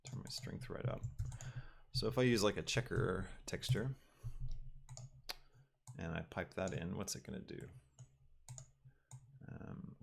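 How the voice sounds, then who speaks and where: Low, gravelly male streamer who muses and stalls while he works; casual, unpolished delivery. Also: slight background noise. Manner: thinking aloud, halting with ums and restarts. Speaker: 3D artist livestreaming his work. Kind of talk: casual livestream talk while working.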